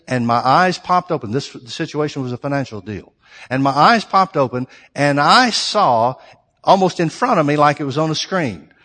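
A man's voice: on the high side, fairly bright tone, in a large hall. A middle-aged man preaching a sermon, emphatic and repetitive, building his phrases to strong peaks.

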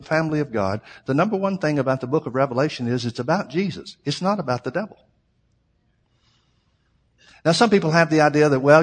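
A man's voice: on the high side, slightly rough, big-room sound. A man preaching a sermon, teaching through a Bible passage in a conversational way and asking rhetorical questions.

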